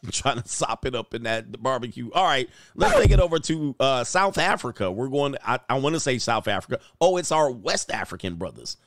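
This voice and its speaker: A man's voice: medium pitch, very animated, moderate pace, fairly bright tone, no room sound, studio quality. A man hosting a casual reaction commentary, joking and laughing as he talks in slangy street style. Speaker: commentary video host. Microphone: headphones.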